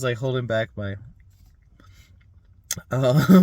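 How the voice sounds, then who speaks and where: A man in his thirties rambling in a casual vlog monologue, laughing often, swearing and filling pauses with "like" and "um". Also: medium pitch, darkish tone, no room sound, studio quality. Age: 30s. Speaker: vlogger.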